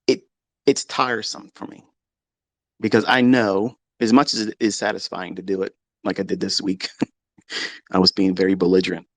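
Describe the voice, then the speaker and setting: A middle-aged man, a trading mentor, speaking in a profane, combative rant from his home basement, moving between low musing and shouting. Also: dry recording. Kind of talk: unscripted rant to listeners.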